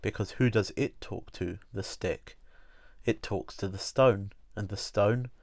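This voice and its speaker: A man voicing a weary male wanderer with a walking stick, who muses slowly and repeats himself. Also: on the low side, dry recording. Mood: musing. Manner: slow, musing, repeating himself.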